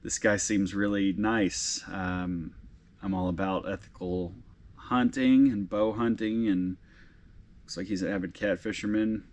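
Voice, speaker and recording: A balding man in his thirties, low-voiced and emotional. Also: fairly even intonation. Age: 30s. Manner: emotional, halting, with frequent restarts and fillers. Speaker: vlog host and tattoo artist. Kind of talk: casual vlog talk reading messages aloud.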